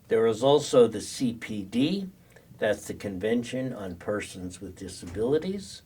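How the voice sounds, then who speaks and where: A man's voice: sits low, a little mellow, far from the mic, a little hiss or hum. An older man giving a conversational classroom lecture as a social work professor, full of fillers and restarts.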